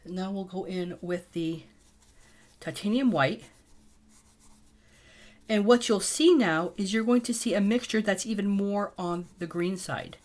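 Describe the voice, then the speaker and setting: A middle-aged woman gives a casual painting tutorial, her voice at an ordinary middle pitch. She is chatty and talks her thoughts out loud as she mixes colours. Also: unhurried, pauses often. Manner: chatty, thinks aloud while mixing paint. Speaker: painting teacher.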